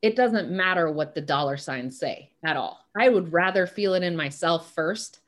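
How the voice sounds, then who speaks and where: A woman's voice: on the low side, moderate pace. A middle-aged woman, a business coach, speaking with emphatic energy as a podcast interview guest. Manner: energetic, emphatic, acts out quotes.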